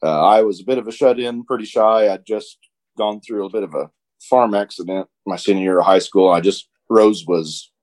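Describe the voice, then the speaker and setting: A man from Indiana chatting as a guest, halting and self-deprecating about his past. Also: lowish voice, darkish tone. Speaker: podcast guest. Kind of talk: casual chat.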